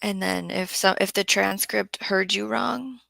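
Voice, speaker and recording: A woman with a mid-pitched, slightly gravelly voice banters on a casual live stream. She teases her co-host with quick, light jabs. The sound is dry and close. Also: fairly even intonation, pushed and bright, no echo, low-quality recording. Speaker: livestream co-host.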